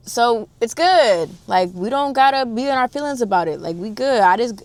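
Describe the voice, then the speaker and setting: A woman in her twenties telling a storytime vlog in a dramatic, animated, chatty way, talking straight to her audience. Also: a little high, no echo. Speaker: storytime vlogger.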